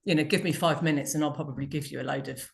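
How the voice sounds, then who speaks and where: A woman's voice: deep voice, fairly even intonation, racing, vocal fry. A British woman co-hosting a casual video call, rambling and laughing at herself as she tells stories. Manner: rambling, self-mocking, laughs often. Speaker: co-host. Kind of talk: casual chat.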